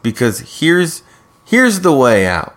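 A man's voice: a little high, huge pitch swings, takes it slowly, a bit bright. A man co-hosting a podcast, chatting casually and hesitantly as he recaps a TV show. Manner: hesitant, with frequent restarts and "like". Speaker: podcast co-host.

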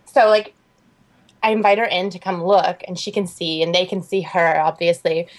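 A young woman co-hosting a podcast. She tells a story in an animated, chatty way and fills it with "like.". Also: lowish voice, normal speed. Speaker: podcast co-host. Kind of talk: casual chat.

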